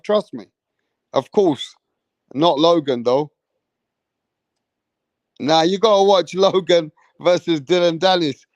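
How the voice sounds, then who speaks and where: Rowdy, swearing man, high voice. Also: dry recording, highs cut off. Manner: rowdy, swears a lot, reads out chat. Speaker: livestream host. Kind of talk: casual live chat.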